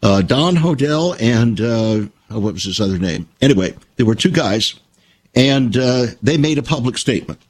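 An older man telling stories and reflecting in an emphatic, measured conversational way. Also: mid-range voice, expressive.

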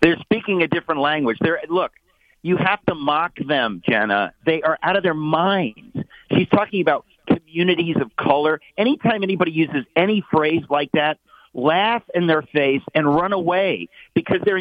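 A man in his sixties, a guest talking with forceful, mocking scorn. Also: fairly high pitch, dry recording. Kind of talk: emphatic opinion talk. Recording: tinny phone line.

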